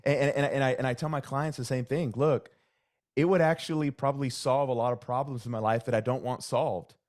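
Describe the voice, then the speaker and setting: A man hosting a casual podcast conversation, speaking haltingly and repeating words as he starts his sentences. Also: medium pitch, steady tone, a little mellow. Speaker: podcast host.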